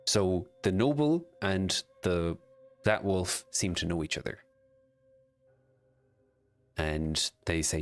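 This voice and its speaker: A man's voice: deep voice, big pitch swings, takes it slowly, long pauses, soft background music. A man casually commenting while he plays a video game, chatting about its story lore. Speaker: streamer.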